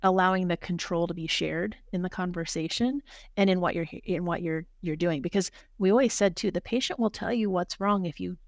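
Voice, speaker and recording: A woman who is a hospital doctor, speaking as a guest in a podcast interview, talking fast and earnestly, with many restarts and repeated words. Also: lowish voice, creaky, no echo, clean studio sound. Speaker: hospital physician executive, guest.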